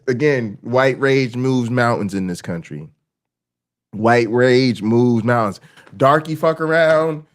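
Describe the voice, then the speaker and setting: A man hosts a casual reaction livestream in a profane, animated style. His delivery swings from low, quiet murmurs to fast, excited rants. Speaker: streamer host.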